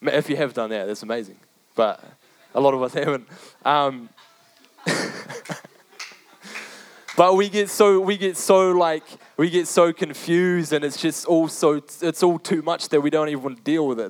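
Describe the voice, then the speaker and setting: A man's voice: fairly high pitch, fairly even intonation, moderate pace. A young man preaching a sermon in a casual, slangy way, repeating phrases for emphasis.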